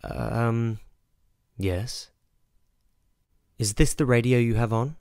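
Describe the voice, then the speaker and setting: A man voicing a timid, curious young girl who speaks hesitantly and softly. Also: mid-range voice, slow, clear, resonant tone, no room sound, studio quality, voice pushed up. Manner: hesitant, soft-spoken.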